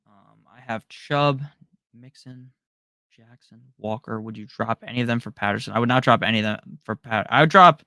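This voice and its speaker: A man hosting a live stream, casually reading out viewer questions and firing back quick, offhand answers with slang. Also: on the low side, gravelly, bright, forceful tone, no room sound, studio quality. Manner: rapid-fire, offhand answers with slang and the odd curse. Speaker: fantasy football live-stream host.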